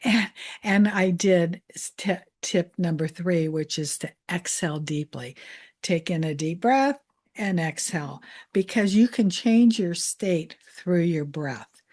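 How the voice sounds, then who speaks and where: A woman money mindset coach giving a calm, soothing self-help training talk. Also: lowish voice. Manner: calm, slow, soothing guidance.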